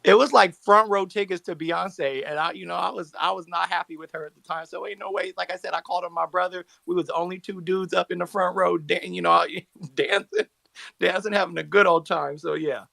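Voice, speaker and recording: A man's voice: high voice, steady tone, brisk, creaky, pushed and bright, no echo. A man in his thirties telling rambling stories in a casual group chat, laughing easily. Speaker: community space speaker.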